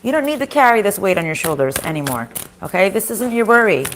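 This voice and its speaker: A woman reads tarot cards in a relaxed, chatty way, speaking the viewer's thoughts aloud and dropping the odd curse. Her voice sits in a middle pitch. She is recorded in a kitchen at home, with a faint hiss behind her. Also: fast. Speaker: tarot reader. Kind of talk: casual tarot reading to viewers.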